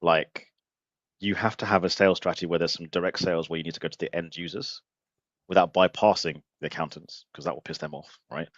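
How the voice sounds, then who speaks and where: Man, podcast host, quick and blunt, low voice, dull dry lo-fi sound. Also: dry recording. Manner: blunt, animated, swears casually. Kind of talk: casual livestream chat.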